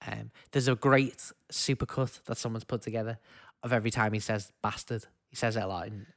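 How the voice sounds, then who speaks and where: A man co-hosting a podcast in casual chat, enthusiastic and quick to laugh. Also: lowish voice, steady tone, dry recording, clean studio sound. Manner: chatty, enthusiastic, laughs often. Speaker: podcast co-host.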